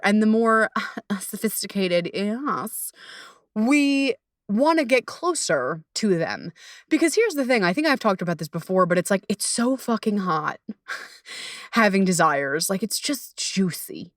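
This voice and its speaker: Young woman coach rambling on her podcast, cusses a lot, laughs a bunch, jumps way up high when she gets excited, dry close mic. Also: moderate pace, no echo. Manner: animated, swearing freely, laughing often, rising into high excited bursts. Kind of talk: casual solo podcast talk.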